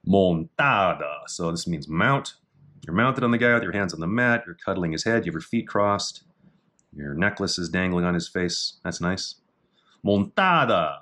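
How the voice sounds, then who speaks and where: A middle-aged man casually talking through techniques in a martial arts book, with dry offhand asides and slow, halting reading of foreign terms. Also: sits low, fairly bright tone. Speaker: jiu-jitsu instructor reviewing a technique book. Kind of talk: casual commentary.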